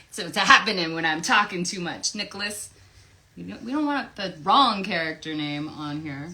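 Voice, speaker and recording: Here the Tennessee voice actress speaks lower, animated yet unhurried, with long pauses and a sharp edge. She's chatting playfully on a home livestream near her recording booth while signing autographs. The desk microphone captures a low-quality recording.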